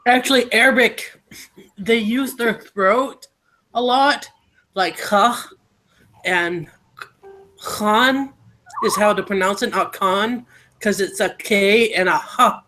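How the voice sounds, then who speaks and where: A woman in casual voice chat, explaining things slowly, heard from a distance. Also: medium pitch, sharp tone. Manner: explanatory, unhurried. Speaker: chat room participant.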